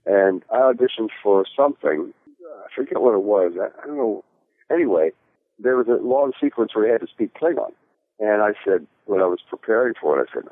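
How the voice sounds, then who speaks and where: A man's voice: fairly low pitch, expressive, brisk, dry recording. A man, an actor being interviewed, telling a story in a rambling, casual way with plenty of fillers and restarts. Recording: tinny phone-like call audio.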